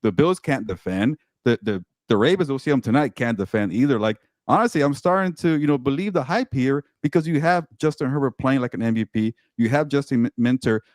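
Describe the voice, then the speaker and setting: Man, sports co-host, casual chat, rapid, excitable, stammering repeats, dry room. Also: mid-range voice, no room sound. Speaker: co-host and team reporter.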